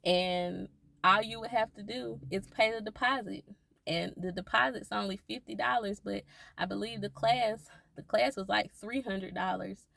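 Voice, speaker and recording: A woman's voice: medium pitch, steady tone, moderate pace, vocal fry, a bit bright, no room sound. A woman talking earnestly to her viewers about faith, repeating reassuring phrases again and again. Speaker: faith vlogger. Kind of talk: encouraging faith talk to viewers.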